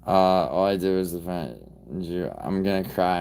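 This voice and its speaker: A man hosting a live stream, chatting loosely with viewers in a profane, rambling way, with sudden loud outbursts. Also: deep voice, fairly even intonation, moderate pace, slight background noise. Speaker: livestream host. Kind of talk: casual live-stream chat reacting to viewers.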